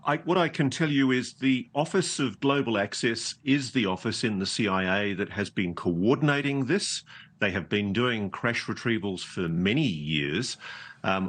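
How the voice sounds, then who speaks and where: A man, an investigative journalist speaking measured and assured in a remote interview. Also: on the low side, a bit bright.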